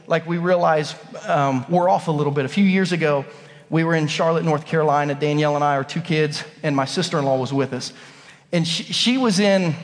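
Animated man preaching in a reverberant church. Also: fairly high pitch. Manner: animated storytelling, acts out voices. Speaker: pastor. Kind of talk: sermon. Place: church sanctuary. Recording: long hall reverb.

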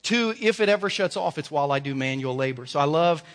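A man's voice: a little high, animated, fast, a bit bright. A male pastor delivering a sermon in an emphatic, storytelling way. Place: church sanctuary. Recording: reverberant church hall.

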